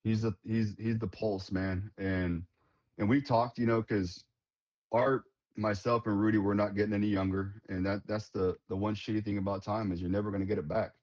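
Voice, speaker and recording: A man's voice: fairly low pitch, flat delivery, normal speed, darkish tone, highs cut off. A man who leads a veterans nonprofit, talking casually and earnestly, often restarting words and calling people "man". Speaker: veterans nonprofit leader, guest. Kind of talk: casual conversational storytelling.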